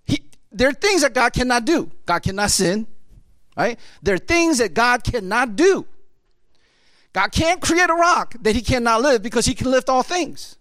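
A man's voice: very high voice, big pitch swings, moderate pace, a bit bright, no echo, clean studio sound. A middle-aged man preaching a sermon in a loose, conversational way, often checking in with "right?". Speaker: pastor.

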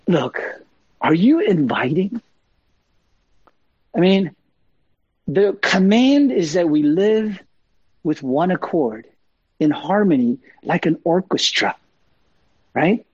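Husky-voiced preacher, conversational and emphatic. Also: male voice, fairly high pitch, expressive, a little slow, a little mellow, dry recording. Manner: conversational, emphatic, with many fillers and asides. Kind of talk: sermon. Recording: dull lo-fi sound.

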